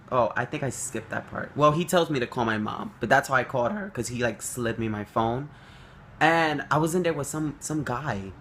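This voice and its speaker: A young man telling a story to the camera, animated and swearing freely, acting out quotes. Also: a little hiss or hum. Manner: animated, swears freely, acts out quotes with big jumps up in pitch. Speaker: vlogger.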